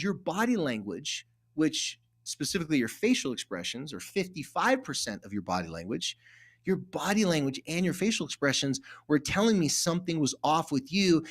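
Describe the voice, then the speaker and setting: Middle-aged male therapist guest, casual and animated, voice a touch high. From California. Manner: animated, acts out quoted dialogue. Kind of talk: casual conversational storytelling.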